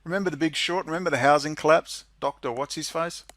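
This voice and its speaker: A sarcastic man reads out a policy document and tears into it line by line, his voice sitting a little high for a man. He swings from low, muttered asides into shrill, mocking laughter. The sound is dry and close, with no room around it. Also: fast, a bit bright, no room sound. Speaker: political commentary vlogger. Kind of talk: ranting commentary over a read-out document.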